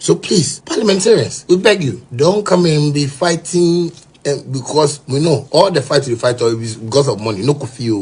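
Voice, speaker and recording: A man with a heavy Ghanaian Pidgin English accent rants in a rough, husky voice. His pitch leaps up and down as he shouts and teases, sounding worked up and theatrical. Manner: shouting, swings between mock outrage and teasing. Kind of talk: excited ranting monologue.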